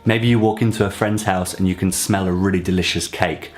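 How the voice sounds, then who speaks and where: A man teaching an online language lesson, explaining clearly and repeating example phrases slowly. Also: low voice, steady tone. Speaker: French teacher.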